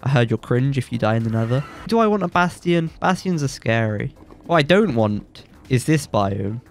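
A young man with a blocked nose, giving excitable, joking commentary while playing a game and yelping when surprised. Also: medium pitch, normal speed, creaky, faint music behind. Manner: excitable, jokey boasting, yelps when surprised. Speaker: gaming YouTuber. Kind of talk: let's play commentary.

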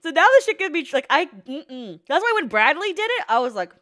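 A woman's voice: high voice, sing-song, brisk, fairly bright tone. A woman commenting casually while reacting to an anime, teasing, swearing and laughing often.

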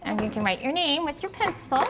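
A woman's voice: high voice, animated, a little fast, noisy background. A woman teacher patiently guiding young children through a handwriting and letter-sound lesson at a small classroom table, praising them often.

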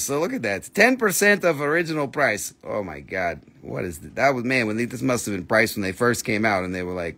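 A man hosts a live crystal sale on a stream, using jokey, exclamatory patter with muttered asides. His voice is mid-range with a fairly bright tone.

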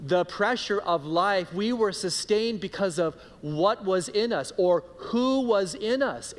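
A man preaching a sermon as pastor, conversational and animated, acting out the people he quotes. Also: high voice, in a large hall. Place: church sanctuary.

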